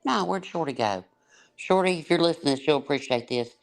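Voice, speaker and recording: A woman's voice: low voice, lively intonation, fairly quick, vocal fry. A woman, hosting a livestream panel and telling blunt, laughing stories. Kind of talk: casual storytelling on a panel.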